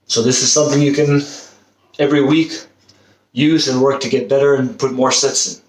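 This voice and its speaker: A man's voice: mid-range voice, little pitch movement, normal speed. A man coaching a football fitness workout, encouraging and demonstrating the exercises as he talks, out of breath at times. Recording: roomy, distant camera mic, faint noise.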